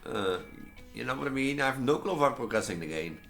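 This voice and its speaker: A man's voice: medium pitch, lively intonation, fast talker, creaky, a bit bright, faint music behind. A man casually commenting on a horror game he plays, rambling and musing aloud with many "like"s. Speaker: gameplay streamer. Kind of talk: casual let's-play commentary.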